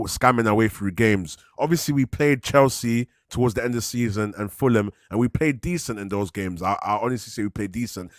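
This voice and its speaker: A man hosts a football chat, reading out viewer questions and answering in a relaxed way. His voice sits at a middle pitch, recorded dry and close with no room sound. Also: dry recording. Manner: relaxed, reads viewer questions aloud, laughs along. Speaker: host. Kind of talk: casual football podcast chat.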